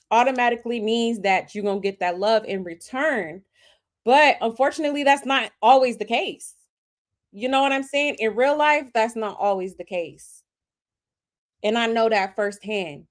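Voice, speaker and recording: A woman's voice: on the high side, normal speed. Slangy, emphatic woman commentator. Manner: slangy, emphatic, talks straight to viewers. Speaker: commentary host. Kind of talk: casual reaction commentary.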